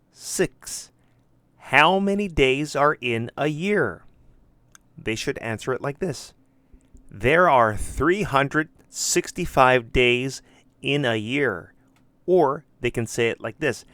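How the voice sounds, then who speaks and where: Guy going thru an english lesson plan real slow, reads each q and answer out clear, dry close sound. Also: mid-range voice, lively intonation, fairly bright tone, no echo. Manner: reads model questions and answers slowly and clearly. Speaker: English teacher. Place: teaches English in Japan.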